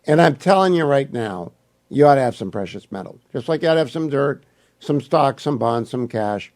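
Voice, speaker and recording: Older guy on talk radio, a bit hoarse, punchy ad reads, repeats the phone numbers, average pitch. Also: expressive, normal speed, a little mellow. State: losing his voice. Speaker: radio talk show host. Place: radio studio.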